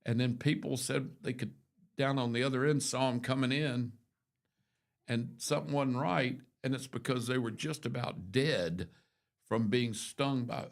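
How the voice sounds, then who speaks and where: An older man with a gravelly voice chats on a morning show. He wanders through his stories, restarting sentences and tossing in asides as he goes. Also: medium pitch, fairly even intonation, measured pace. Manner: rambling storyteller with many restarts and asides. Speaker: radio show host. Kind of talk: casual morning show chat.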